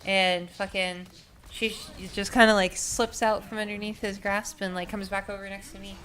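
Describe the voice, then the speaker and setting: A woman's voice: medium pitch, level tone, moderate pace, a bit bright. A young adult woman telling a story casually, rambling and profane, with many filler words. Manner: rambling, profane, heavy with "like" and "you know".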